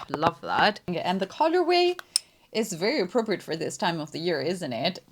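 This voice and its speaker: A young woman chats through a fashion haul with eager, swooping intonation. Her voice sits low for a woman. The sound is close and dry, with no room around it. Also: dry recording. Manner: chatty, enthusiastic, lively pitch swings. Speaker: fashion vlogger. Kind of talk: casual haul vlog.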